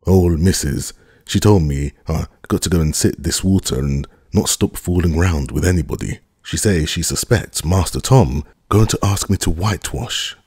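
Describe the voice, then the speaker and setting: A man's voice: deep voice, normal speed, darkish tone, breathy edge, no echo, studio quality. A man voicing a timid young boy servant who pleads hesitantly in a storybook reading. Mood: fearful.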